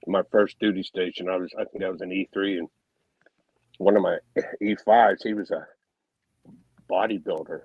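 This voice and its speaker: Low, husky man on a muffled line. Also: fairly even intonation, moderate pace, long pauses, dry recording. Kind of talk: casual chat.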